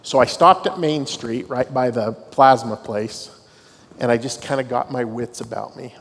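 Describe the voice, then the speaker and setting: A man's voice: medium pitch, a little slow, gravelly, slightly rough. Middle-aged man, university dean, devotional storyteller with dry humor; live hall sound, long reverb. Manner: storytelling, self-deprecating humor. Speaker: dean of students. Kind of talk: devotional talk to students. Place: large hall on a university campus.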